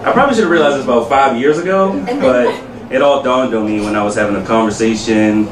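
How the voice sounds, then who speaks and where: A man in his thirties doing a stand-up comedy set on a club stage, with animated, punchy delivery. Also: mid-range voice, fast, noisy background. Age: 30s. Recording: distant mic in a loud echoey room. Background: loud room ambience.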